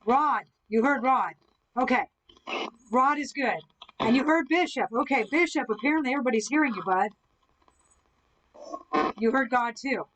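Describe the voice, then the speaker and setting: A woman hosts a live-stream ghost hunt, questioning spirits through a spirit box and answering viewer comments amid a device-heavy setup. Her high-pitched voice is lively and a bit bright, at normal speed with long pauses. The recording is rough.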